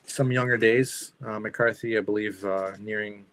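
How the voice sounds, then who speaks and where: A man's voice: lowish voice, fairly even intonation, moderate pace, gravelly, fairly bright tone, a little hiss or hum. A French Canadian man co-hosting a casual livestream, rambling and hesitant with many fillers. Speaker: co-host.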